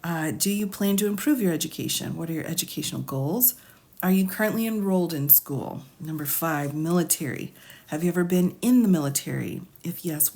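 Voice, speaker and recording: Woman lawyer going live, reads form questions out loud then chats about each one, laughs a lot, thinks out loud. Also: on the low side. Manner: asides, musing and thinking out loud. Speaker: attorney streaming live. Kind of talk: live-stream commentary reading a legal form.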